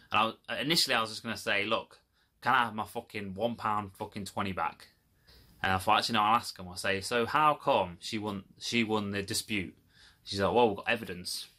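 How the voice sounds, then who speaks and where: A man's voice: on the low side, sharp tone. A man telling a rambling, swearing, exasperated story to his viewers in a casual vlog. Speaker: video creator. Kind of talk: casual rant to camera.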